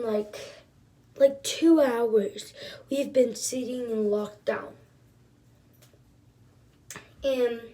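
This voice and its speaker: A woman casually telling a story to her viewers while doing her makeup, soft-spoken and rambling with lots of fillers. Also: a little high. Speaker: vlogger.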